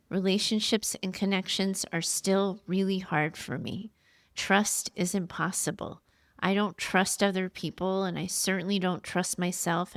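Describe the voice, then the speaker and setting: Female host reading a listener's letter, earnest and heartfelt, with a gravelly edge on a dry close mic. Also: mid-range voice, fairly bright tone, dry recording. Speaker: podcast host.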